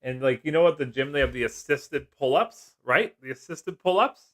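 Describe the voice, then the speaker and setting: A man's voice: medium pitch, animated, normal speed, fairly bright tone. A middle-aged man hosting a casual live stream, jokey and chatty, laughing often as he reads comments. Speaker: livestream host.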